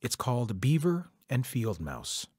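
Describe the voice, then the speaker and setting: A man's voice: mid-range voice, big pitch swings, unhurried, darkish tone, husky, no room sound, clean studio sound. A man telling a traditional folk tale to children in a conversational way, speaking directly to his listeners. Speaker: storyteller. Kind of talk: oral folk storytelling for children.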